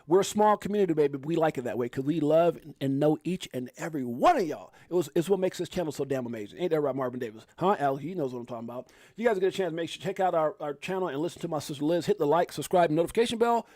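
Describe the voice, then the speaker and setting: A Chicago man rattles along at a breakneck clip as he hosts a casual livestream, shouting out his viewers. His voice sits high and stays excitable, and the sound is dry and close to the mic. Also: fast talker, few pauses, no echo. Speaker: livestream host. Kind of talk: hyped casual livestream chat.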